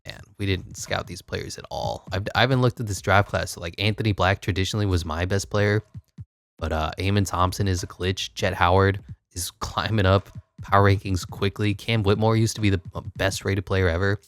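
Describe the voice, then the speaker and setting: A man's voice: low-pitched, steady tone, brisk, no echo, clean studio sound. A man giving casual, wry commentary while playing a basketball management game, thinking aloud. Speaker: gaming YouTuber.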